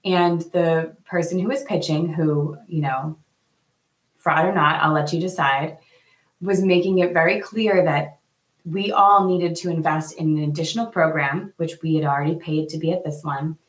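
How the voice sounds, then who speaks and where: Woman host, low voice, chatty and earnest, echoey room. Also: fairly even intonation, moderate pace. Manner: earnest, chatty, many fillers. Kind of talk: casual live talk to viewers.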